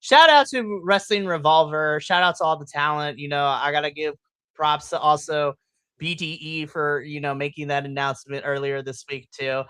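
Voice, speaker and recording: A man co-hosting a wrestling podcast, chatting casually and excitably, swearing and acting out his reactions. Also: a little high, normal speed, clear, resonant tone, dry recording. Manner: excitable, swears, animated retellings with shrieks and laughs. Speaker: podcast co-host. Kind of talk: casual wrestling recap chat.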